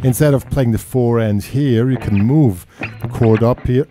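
A man giving a casual guitar lesson, talking in a relaxed, chatty way and counting in and scatting rhythms. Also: mid-range voice, a little slow. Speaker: guitar teacher. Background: electric guitar playing.

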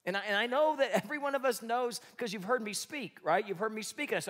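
A male pastor preaching a sermon, animated, swinging between loud emphatic bursts and soft asides, joking with the congregation. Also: high-pitched, fast, few pauses.

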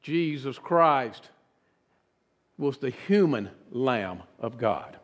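A man preaching a sermon as pastor, earnest and dramatic, dropping often to a hushed voice. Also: medium pitch, lively intonation, extremely slow. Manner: earnest, dramatic preaching with sudden drops to a hush. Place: church sanctuary. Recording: reverberant church sanctuary.

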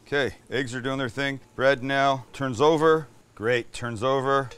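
A man's voice: medium pitch, steady tone, a little slow, fairly bright tone, clean tone. A man from Canada, hosting a casual cooking demonstration in a home kitchen. He talks chattily and enthusiastically and swears now and then. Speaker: cooking show host.

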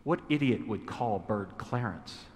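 A man's voice: on the low side, expressive, moderate pace, darkish tone, voice pushed down, natural voice. Priest doing a sneering burglar guy mocking a bird's name, long echo around him. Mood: scornful. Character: gruff grown male burglar, scornful.

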